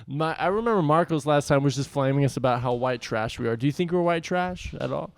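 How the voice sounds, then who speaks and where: A man's voice: fairly high pitch, brisk, clear, resonant tone, dry recording. A man co-hosting a comedy podcast, joking around and laughing often in casual banter. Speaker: podcast co-host.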